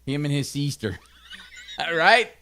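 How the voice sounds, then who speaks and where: A man with a Tennessee accent giving a conversational Bible study, often checking in with his listeners and adding quick asides. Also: on the high side, big pitch swings, bright, forceful tone, slight background noise. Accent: Southern US, Tennessee. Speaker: pastor.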